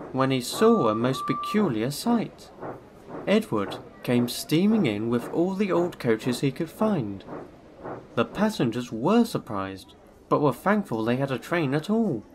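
A man narrating a children's storybook in an expressive way. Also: medium pitch. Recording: music underneath.

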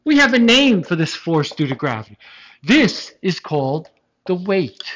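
A dull, lo-fi recording from a lecture room captures a science lecturer teaching students with energy and emphasis. With a mid-range voice at a moderate pace, the lecturer asks rhetorical questions and cracks jokes.

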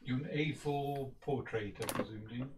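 A man speaking off-camera, quietly asking questions from across the room. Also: mid-range voice, moderate pace, husky. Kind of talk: off-camera conversation. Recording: distant from the mic.

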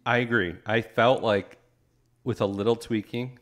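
A man's voice: medium pitch, fairly even intonation, unhurried. A man co-hosting a podcast, chatting easily about a movie and often trailing off mid-thought. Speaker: podcast co-host. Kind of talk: casual movie review chat.

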